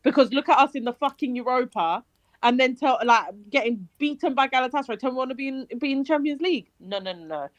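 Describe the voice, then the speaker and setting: Animated London woman, high-pitched. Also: fast talker, no echo, muffled recording. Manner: animated, swearing, self-interrupting. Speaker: panel guest. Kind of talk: casual football chat.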